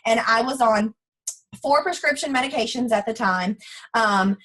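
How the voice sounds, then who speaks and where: Lady in her 30s talking to her sales team, kinda husky, higher voice, chatty and frank. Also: moderate pace, rough recording. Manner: chatty, frank and animated, acts out quoted voices. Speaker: guest speaker for a sales team. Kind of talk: casual motivational talk.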